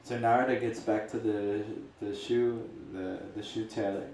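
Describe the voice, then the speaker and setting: A man's voice: fairly low pitch, steady tone, a little slow, darkish tone, slight background noise. A man giving a casual, rambling storytelling talk as a spiritual teacher. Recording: echoey room from a distant mic.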